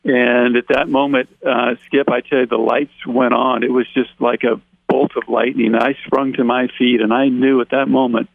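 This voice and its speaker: A man as an interview guest, telling a personal testimony in an animated way and acting out the dialogue he quotes, over a phone line. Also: mid-range voice, moderate pace, vocal fry, few pauses, no echo. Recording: tinny dry phone line.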